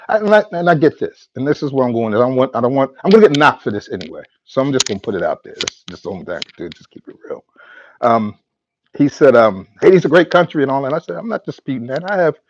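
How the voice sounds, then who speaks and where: This muffled, echo-free recording features a man of medium pitch hosting a podcast. Recounting a conversation in an easygoing monologue, he acts out each side, and his speech keeps breaking off, looping back on words, and restarting.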